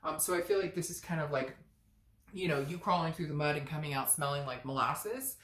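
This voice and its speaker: A woman's voice: low voice, fairly quick, a bit bright. A woman giving a chatty, blunt tarot reading who swears freely and acts out little quoted voices. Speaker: tarot reader. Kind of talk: casual tarot reading to camera. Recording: echoey room.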